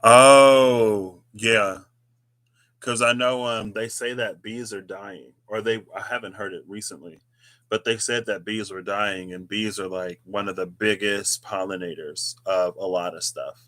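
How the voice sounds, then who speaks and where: Male tarot host, lowish voice, casual reflective monologue with wandering tangents. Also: steady tone, a little slow, pushed and bright. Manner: rambling, musing, chatty asides. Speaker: tarot reader, channel host.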